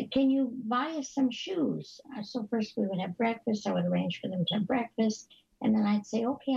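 A woman from Canada, a guest in an interview, telling stories in an earnest, halting way with many restarts. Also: medium pitch, vocal fry, warm tone, husky, dull audio.

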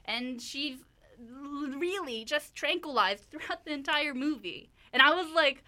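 Recapping a movie on a podcast she co-hosts, a woman talks with animation and plenty of "like" and "you know" fillers. Her voice sits high and her pace is a little slow.

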